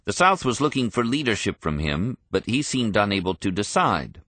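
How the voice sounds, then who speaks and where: A man reading a history audiobook in a measured, even storytelling manner. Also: on the low side, dry recording. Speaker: narrator. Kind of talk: scripted audiobook narration.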